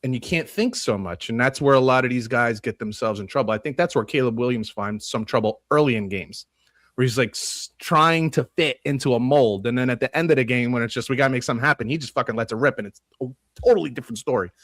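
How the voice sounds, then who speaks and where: A man co-hosting a sports podcast, talking casually and ranting with animated swearing. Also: mid-range voice, fast talker, no echo. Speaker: podcast co-host. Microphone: podcast studio mic.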